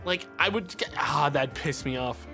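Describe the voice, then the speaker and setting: A man's voice: fairly high pitch, normal speed, music in the background. A man streaming live who rants and swears heatedly while he chats to his viewers. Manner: ranting, profane, heated. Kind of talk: casual livestream chat.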